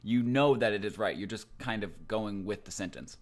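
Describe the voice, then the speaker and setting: Young guy, lowish voice, laid-back language tutor who talks loosely. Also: moderate pace. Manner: relaxed, loose, with many ums and likes. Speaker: Japanese language teacher. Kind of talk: casual explanatory lesson.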